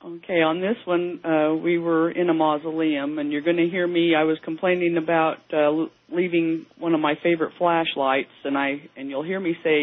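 A man's voice: fairly high pitch, level tone, moderate pace, hardly any pauses. Hesitant man on a phone line. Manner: hesitant, many uhs, laughs. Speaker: paranormal investigator guest. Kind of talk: phone-in interview.

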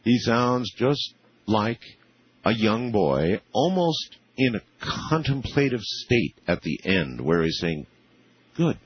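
A man's voice: on the low side, sing-song, slow, breathy edge, highs cut off. A man hosting a radio interview, hesitant and amazed, with many fillers. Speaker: radio show host.

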